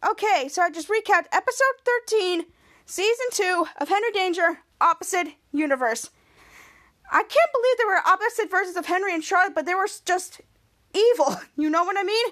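A woman's voice: very high-pitched, expressive, brisk, fairly bright tone. A woman hosting a podcast, recapping a show in a rambling, enthusiastic way, stringing events together with "and then". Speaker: podcast host.

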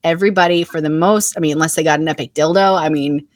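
A woman's voice: sits low, steady tone, fast talker. Blunt, candid woman co-hosting a podcast. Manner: blunt and candid, swears freely, acts out quotes. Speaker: podcast co-host. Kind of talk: frank casual chat.

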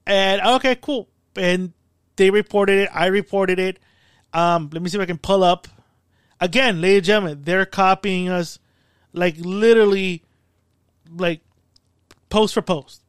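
With a high voice, a clean tone and a measured pace broken by long pauses, a man hosts a casual podcast chat full of profanity and animated storytelling. The studio mic captures a dry, clean studio sound.

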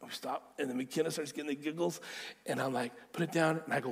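A man preaching a sermon through lively personal stories, acting out the voices in them. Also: a little high, fast, vocal fry, long reverb tail. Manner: animated storyteller, acting out quotes. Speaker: pastor. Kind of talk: storytelling sermon.

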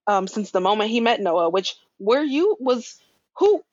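Casual woman podcaster, lively storyteller, dry muffled mic. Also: a little high, measured pace, no echo. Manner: animated storytelling with laughs and slangy asides. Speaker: podcast co-host recapping a show. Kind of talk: casual chat.

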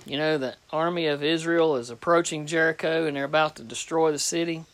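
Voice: medium pitch, fairly even intonation, a little fast, fairly bright tone, no echo. Folksy preacher in a dry room. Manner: folksy, plain-spoken, repeats phrases for emphasis. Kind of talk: conversational sermon with scripture reading.

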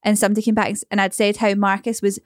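A woman's voice: mid-range voice, flat delivery, very fast, dry recording. Scottish woman, dry close sound. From Scotland. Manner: explains and tells anecdotes. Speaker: podcast co-host. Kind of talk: casual chat.

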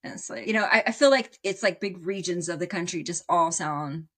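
A woman's voice: on the low side, brisk, a bit bright. A woman from the West Coast, a guest on a podcast, musing aloud in a wry, casual chat. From West Coast, United States.

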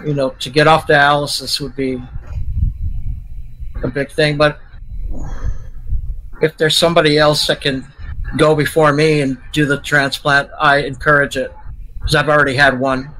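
A man's voice: fairly high pitch, flat delivery, normal speed, long pauses, bright, forceful tone, rough recording. A man from New York, a guest chatting casually about living with kidney disease. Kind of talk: casual chat.

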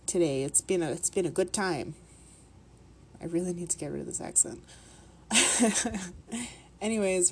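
A woman's voice: lowish voice, darkish tone. Rambling, laughing Canadian woman podcaster. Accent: Canadian, with a put-on Minnesotan lilt. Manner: rambling, laughing, swearing often. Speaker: podcast host. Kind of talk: casual podcast intro chat.

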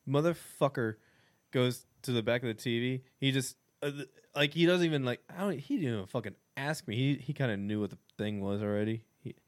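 A man in casual podcast chat, recounting a story with lots of swearing. He acts out the quotes in animated bursts and laughs between lines. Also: medium pitch, a little fast.

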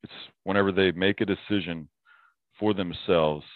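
A man's voice: low voice, steady tone, moderate pace, no echo. A man as a podcast guest in casual talk, earnest, often quoting scripture and laughing easily. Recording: thin phone-like sound.

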